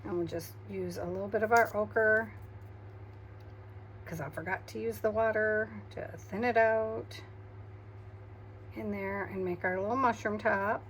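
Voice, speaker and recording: A woman, tired after a migraine, chatting softly to herself while she crafts, humming and murmuring as she works. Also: medium pitch, steady tone, a little slow, long pauses, a little hiss or hum. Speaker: craft video host.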